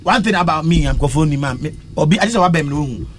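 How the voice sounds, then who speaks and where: A woman's voice: low-pitched, animated, fast, music in the background. A Ghanaian woman musician, a guest in a casual interview, mixes English and Twi and often breaks into chanting and song.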